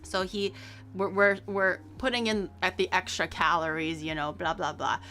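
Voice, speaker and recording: Young woman, streamer, casual rambling chat, playful teasing, bright voice, faint background music. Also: fairly low pitch, steady tone, moderate pace. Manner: rambling, playful, laughs often, teases chat.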